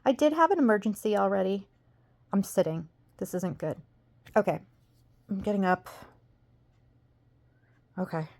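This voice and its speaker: A woman's voice: mid-range voice, lively intonation, normal speed, pauses often. Woman, home vlog, rambling, self-deprecating, exasperated, casual. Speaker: vlogger.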